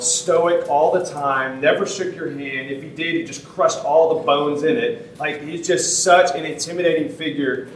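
Pastor, male, 30s, casual earnest sermon storyteller, mid-pitched, echoey room, off-mic with faint noise. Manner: conversational, casual fillers, earnest. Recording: roomy sound from a distant mic.

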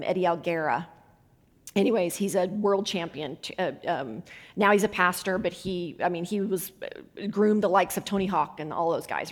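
A woman guest minister telling lively stories from the stage, laughing often and acting out the voices of people she quotes. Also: mid-range voice. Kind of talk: conference sermon storytelling. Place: conference hall. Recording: long hall reverb.

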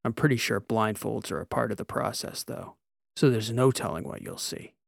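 A sardonic, commanding squad leader in a sci-fi audiobook, read by a male narrator, giving orders in a low, gravelly voice. The sound is close and dry. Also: moderate pace, dry recording. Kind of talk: audiobook character voice.

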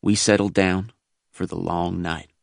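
Low-voiced man narrating gravely. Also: steady tone, unhurried, no room sound, clean studio sound. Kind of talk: scripted audiobook narration.

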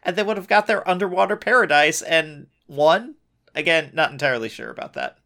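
A man's voice: a little high, expressive, fairly quick, pushed and bright. A man co-hosting a casual recap chat, riffing on the plot with sarcastic asides. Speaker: podcast co-host.

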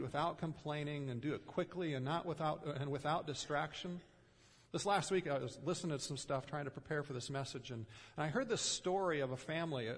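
A man preaching a sermon in an earnest way, pausing often and letting his voice drop softly at the ends of phrases. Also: mid-range voice, creaky, in a large hall. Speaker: pastor.

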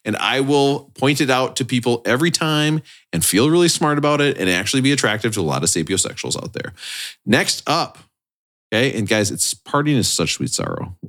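A man's voice: medium pitch, big pitch swings, fairly quick, fairly bright tone. A man co-hosting a music podcast, joking and teasing in casual banter. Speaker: podcast co-host.

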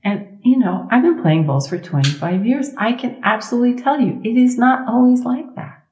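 A middle-aged woman, a sound healer speaking as a guest in a conversational interview, expressive and emphatic, leaning on slow repetitions. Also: a little high, reverberant, slight background noise. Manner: expressive, acts out inner thoughts in quoted voices.

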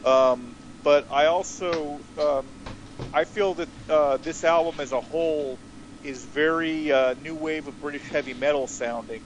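A man co-hosting a casual podcast, speaking hesitantly and filling pauses with uh and um. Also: fairly high pitch, a little hiss or hum, rough recording. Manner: hesitant, lots of uh and um. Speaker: podcast co-host.

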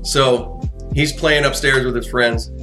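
A man's voice: medium pitch, fairly even intonation, slow pace, bright, forceful tone, soft background music. A man in a casual chat, telling a long, profane story with lots of restarts and fillers.

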